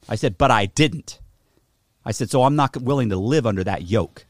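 A man's voice: mid-range voice, a little fast, dry recording. A man tells a story on a casual podcast, his voice swinging up and down with real liveliness as he acts out both sides of an old argument. He swears freely and talks with plenty of bite. The sound is close and dry, with no room around it. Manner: animated, acts out quoted dialogue, swears.

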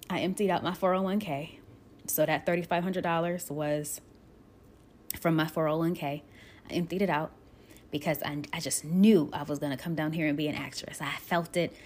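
A low-voiced woman from Buffalo, New York, earnestly recounts how she left home to pursue acting. She speaks with emotion, pausing and restarting as she tells this personal story.

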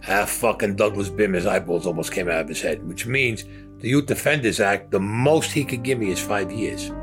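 Over background music, a man in his sixties with a fairly low voice talks at a normal pace as an interviewee recounting his past. He tells his own story casually but heatedly, swearing freely and acting out what other people said.

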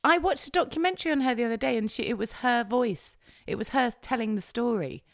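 A woman chatting casually, laughing often and telling animated stories. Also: on the high side, fast talker, vocal fry, dry recording, clean studio sound. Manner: giggly, animated storyteller. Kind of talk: casual chat.

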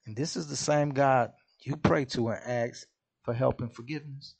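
A man's voice: medium pitch, fairly even intonation, moderate pace, gravelly, a little mellow, husky. A man hosting a podcast, giving an impassioned monologue in blunt, profane street slang. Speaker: podcast host.

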